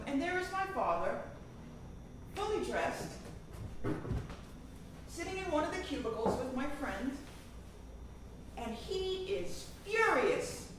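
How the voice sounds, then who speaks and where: A woman doing stand-up comedy, telling a family story in an animated, dramatic way. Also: high-pitched, heavy reverb, distant mic, background noise.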